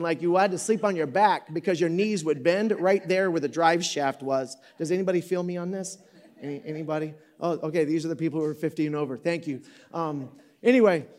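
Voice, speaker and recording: A man's voice: fairly high pitch, a little mellow. Joking fifty-something man preaching. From Michigan, USA. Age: 50s. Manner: joking, self-correcting, addresses the audience. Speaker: pastor. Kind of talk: conversational sermon storytelling. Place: auditorium with a live audience.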